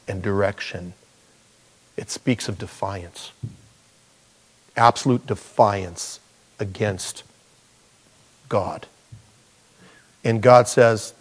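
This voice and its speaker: Rambling conversational male preacher. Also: fairly low pitch. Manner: conversational, rambling with restarts and asides. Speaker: pastor. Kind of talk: sermon.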